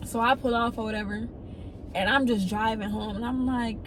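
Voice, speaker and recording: A woman's voice: fairly quick, a little hiss or hum, rough recording. A young woman, telling a story casually and acting out the people in it. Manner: animated storytelling, quoting others in excited high voices.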